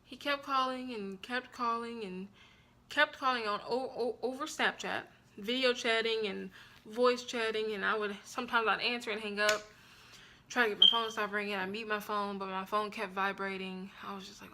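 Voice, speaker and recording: A young woman telling a personal story on her vlog in a frank, blunt and profane way, with an animated and expressive delivery. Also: medium pitch, moderate pace. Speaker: vlogger.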